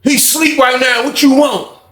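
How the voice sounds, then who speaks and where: A man's voice: very high voice, steady tone, unhurried, fairly bright tone, roomy sound, pitched above the performer's own voice. A man acting out a menacing cellmate who brushes off questions at the door. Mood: dismissive. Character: menacing, calm cellmate predator.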